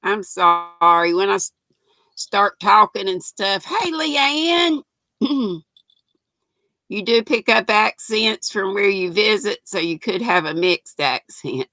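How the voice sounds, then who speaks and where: Reading comments on her knitting livestream, an older woman casually chats in a folksy way and greets viewers by name. She speaks slowly but animatedly in a medium-pitched, sharp voice, with no room sound and low-quality audio.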